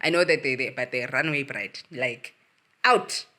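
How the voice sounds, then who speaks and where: Bright-voiced, animated woman ranting casually. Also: a little fast. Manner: animated, swears freely, rants with big swings in pitch. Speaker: host. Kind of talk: casual reality-show recap.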